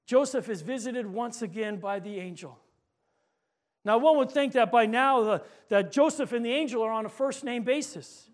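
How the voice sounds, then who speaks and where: A man pastor preaching a sermon, telling stories and slowing down on key points. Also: very high voice. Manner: storytelling preacher, slows for emphasis, rising to shouts in anecdotes.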